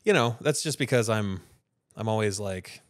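A man's voice: on the low side, moderate pace, no room sound, studio quality. A father co-hosting a podcast in casual chat, rambling through stories and acting out what people said. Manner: rambling storyteller who acts out quotes in other voices.

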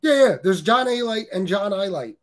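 A man's voice: high voice, lively intonation, moderate pace. A middle-aged man hosting a live stream, reading chat comments and trash-talking in a blunt, crude, heated way. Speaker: livestream host reading chat. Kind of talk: casual profane live-stream rant.

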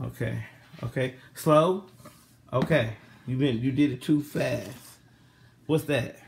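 This home-kitchen vlogger has a gravelly, slightly mellow mid-range voice, fairly even intonation and an unhurried pace, with slight background noise. He casually guides viewers as he coaches kids in cooking, patiently coaxing them and calling out directions step by step.

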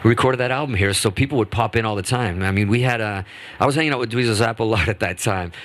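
Low-voiced man telling rambling stories. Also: fast talker. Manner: rambling, animated anecdotes with restarts. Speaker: guest musician. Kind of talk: storytelling in a radio interview. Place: radio studio.

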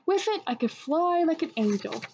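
A woman's voice: extremely high pitch, sing-song, normal speed, darkish tone, a little hiss or hum, pitched above the performer's own voice, full character voice. A woman doing a laid-back, friendly grown man. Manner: easygoing and encouraging. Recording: dull lo-fi recording.

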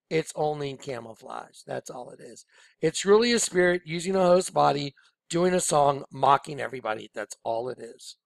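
Male presenter, rambling emphatic commentary, gravelly, dry close sound. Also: fairly high pitch, no room sound. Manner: emphatic, rambling, repeats himself. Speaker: online video presenter. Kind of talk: casual commentary over on-screen images.

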